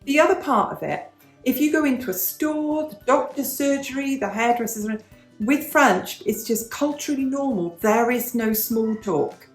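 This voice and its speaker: A woman's voice: a little high, animated, normal speed, roomy sound, soft background music. Teacherly British woman in her fifties. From United Kingdom. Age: 50s. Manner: explanatory, teacherly, repeats key points. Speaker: vlogger, former English teacher. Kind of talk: casual question-and-answer chat.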